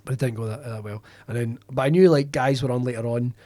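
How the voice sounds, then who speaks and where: A Scottish comedian telling a rambling, sweary anecdote in a casual podcast chat. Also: male voice, mid-range voice, steady tone, fast talker, warm tone, no room sound. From Scotland. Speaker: comedian guest.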